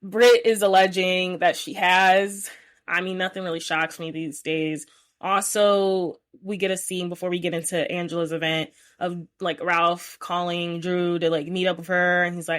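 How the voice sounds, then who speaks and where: A young woman hosting a podcast, chatting casually and retelling scenes with animated quoted voices. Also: on the low side, normal speed. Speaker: podcast host. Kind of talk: casual recap chat.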